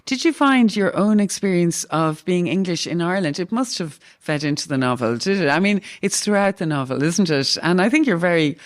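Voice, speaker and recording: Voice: mid-range voice, animated, fairly quick, hardly any pauses. Interviewer with long winding questions.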